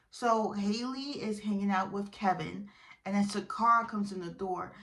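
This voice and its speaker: A woman giving a casual, opinionated recap of a reality show, chatty and full of fillers, getting animated when she is indignant. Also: medium pitch, normal speed.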